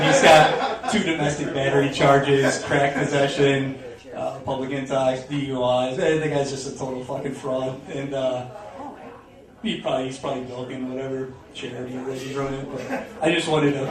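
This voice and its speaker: A young man doing stand-up, telling a rambling story full of swearing and laughing through his punchlines. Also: mid-range voice. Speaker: stand-up comedian. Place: comedy club stage. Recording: roomy, distant mic, audience noise. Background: audience in a club.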